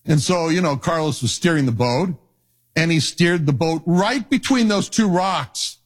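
A middle-aged man, a pastor, preaching a sermon and telling personal stories, dropping his voice low for asides. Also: unhurried. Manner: animated storytelling, drops low for asides.

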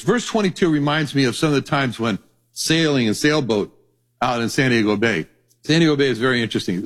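A man teaching a sermon on a Bible passage, telling stories in a lively way and acting out the voices of people in them. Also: medium pitch. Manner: animated storytelling, acts out quoted voices.

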